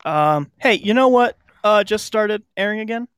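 A man's voice: sits high, expressive, normal speed, fairly bright tone, clear, resonant tone, dry recording, studio quality. A man co-hosting a podcast in a laid-back, chatty way, laughing often. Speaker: podcast co-host. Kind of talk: casual chat.

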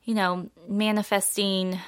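Brief: woman life coach, casual and emphatic talker, mid-pitched voice, dry close mic. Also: little pitch movement, unhurried, no room sound. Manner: chatty, emphatic, laughs often. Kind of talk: casual monologue.

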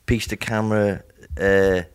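A man's voice: lowish voice, unhurried, clean tone. A middle-aged man chatting as a comedian guest, telling anecdotes and jokes and acting out the people in them. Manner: animated storyteller, acts out voices in his stories.

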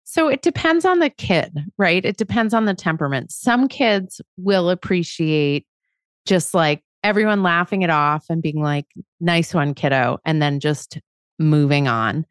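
A middle-aged woman co-hosts a podcast, chatting conversationally through parenting questions in a casual discussion. Her fairly low voice is animated and smooth at a measured pace, with clean studio sound and no room sound.

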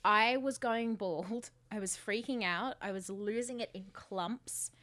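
A woman's voice: mid-range voice, a little slow, a bit bright. A woman in her thirties co-hosting a podcast, telling stories in casual chat, chatty and self-mocking. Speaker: podcast co-host.

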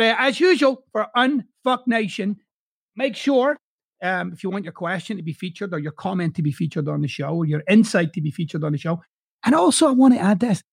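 A man with a softened Glasgow Scottish accent hosts a podcast, coaching listeners in a blunt, direct way and swearing freely. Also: high voice, vocal fry, no room sound, studio quality. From Scotland. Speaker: podcast host. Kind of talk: motivational podcast monologue.

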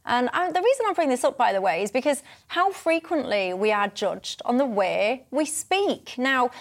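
Female host with a Hull accent; straight-talking, chatty, slightly high pitch. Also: lively intonation, moderate pace. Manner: blunt, chatty, down-to-earth. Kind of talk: TV panel discussion.

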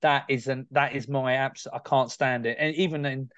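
A man's voice: medium pitch, fairly even intonation, moderate pace, fairly bright tone, smooth, no room sound. A man, hosting a football podcast, throwing out blunt, teasing quips. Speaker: podcast host. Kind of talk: casual football podcast chat. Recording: dull, dry lo-fi sound.

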